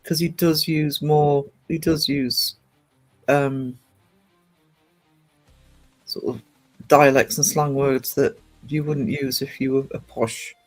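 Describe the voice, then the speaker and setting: A man's voice: medium pitch, steady tone, slow, pauses often, soft background music. A man streaming live, chatting casually in a rambling way full of ums and restarts.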